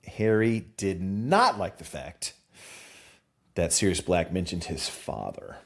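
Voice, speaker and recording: Animated Southern man, low voice. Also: slow pace, creaky. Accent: mild Southern US. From Southern US, Charlotte. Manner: animated, laughs often, slips into voices. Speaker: podcast co-host. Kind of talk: casual chat.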